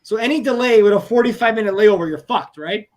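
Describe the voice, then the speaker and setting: High-voiced man hosting a podcast. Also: fast talker. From Canada. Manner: rambling, swears, laughs easily. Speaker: podcast host. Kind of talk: casual podcast chat.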